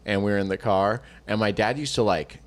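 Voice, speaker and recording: A man's voice: on the low side, steady tone, brisk. A man co-hosting a podcast, rambling and swearing casually while he tells stories and acts out quotes in other voices. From Northern California. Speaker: podcast co-host. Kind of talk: casual chat, storytelling.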